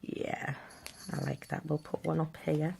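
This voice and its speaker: Low gravelly-voiced woman crafter. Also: flat delivery, measured pace, darkish tone, slight background noise. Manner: chatty, talks while working with her hands. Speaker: crafting tutorial host. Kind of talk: casual step-by-step craft tutorial.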